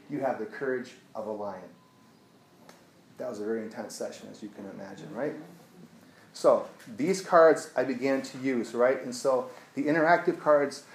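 A man working as an addiction therapist, telling a client story to an audience in an earnest voice that drops to a hushed tone when he retells it. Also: medium pitch, reverberant, a little hiss or hum, poor audio.

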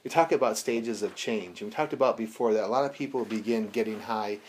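A man teaching a recovery group in a casual, animated way, acting out bits of dialogue and swearing now and then. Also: on the low side, a little fast. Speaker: recovery class instructor.

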